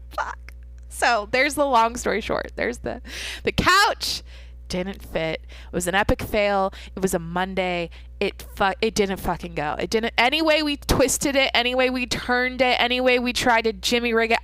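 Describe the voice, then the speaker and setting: Her voice fairly high, bright, clear and resonant, a young woman hosts her own podcast from home at night without any echo. It's a casual solo monologue in which she rambles through a long story, swearing and breaking off mid-thought.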